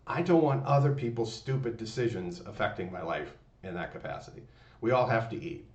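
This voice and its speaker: A man's voice: fairly low pitch, expressive, fairly quick, darkish tone. A man hosting a motivational channel, giving a rambling, folksy pep talk full of fillers and restarts. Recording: distant, roomy, dull lo-fi sound.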